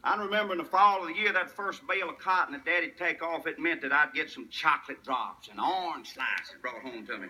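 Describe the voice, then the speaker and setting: An older man from rural West Tennessee, with a Southern accent to match, tells folksy tall tales and chuckles at his own punchlines. His slightly high voice is pushed and bright, racing along fairly quickly with hardly any pauses, on poor audio.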